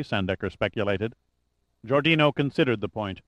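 A man with a lowish voice narrates an audiobook, reading the script in a measured, even way. The recording is dry.

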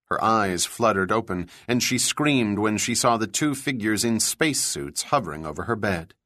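A man narrating a thriller audiobook in an even, measured storytelling voice. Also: fairly low pitch, dry recording, studio quality. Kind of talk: scripted narration.

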